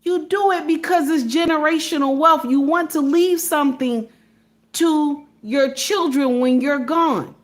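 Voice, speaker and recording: High-voiced woman preaching to her listeners. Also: a little slow. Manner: emphatic, asks rhetorical questions of her audience; addresses listeners as sisters, sermon-like. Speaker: online commentator. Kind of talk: preachy commentary monologue.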